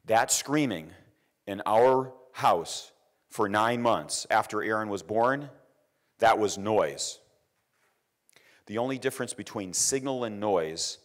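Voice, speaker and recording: Low-voiced man telling a lecture story. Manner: anecdotal, repeats words, quotes others in raised voice. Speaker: engineering lecturer.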